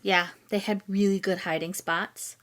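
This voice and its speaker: A woman's voice: medium pitch, steady tone, unhurried, fairly bright tone, slight background noise. A woman co-hosting a casual review podcast, giggly and hesitant with frequent ums. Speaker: podcast co-host reviewing haunted attractions. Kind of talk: casual chat.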